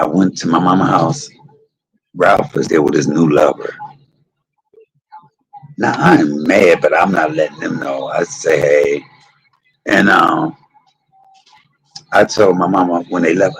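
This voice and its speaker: A middle-aged man with a low, creaky voice and a breathy edge tells candid, salty stories to a live stream audience on a low-quality recording. His casual storytelling is gossipy, with animated quoted voices.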